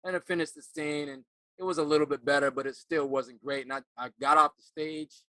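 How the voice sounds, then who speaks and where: A middle-aged man, an actor turned life coach, telling a personal story in an earnest, halting way and often repeating words as he remembers. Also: a little high, steady tone, pushed and bright, no echo.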